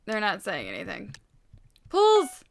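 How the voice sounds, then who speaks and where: A woman giving casual gameplay commentary while she builds, excitable and rambling, poking fun at herself. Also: fairly high pitch, measured pace, heavy background noise. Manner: excitable, rambling, self-mocking. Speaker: Minecraft video creator.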